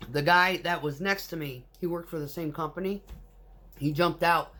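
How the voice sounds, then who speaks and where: A woman with a fairly low voice tells work stories in a blunt, casual way. She drives a concrete mixer truck and swears freely as she talks, keeping it loose and unpolished. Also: moderate pace, a bit bright. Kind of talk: casual storytelling.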